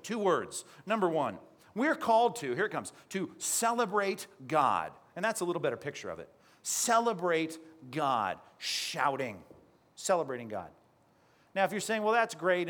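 A male pastor preaching a sermon, lively and teaching, often putting questions to the congregation. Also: fairly high pitch.

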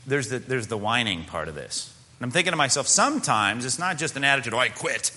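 A male pastor preaches in a relaxed, conversational way, with a bright, ringing tone and a pitch that swings up and down a lot. He throws in asides and rhetorical questions to the congregation. His voice carries a long reverb, as in a large sanctuary. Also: quick pace. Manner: mimics whining body parts in a high voice. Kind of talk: sermon.

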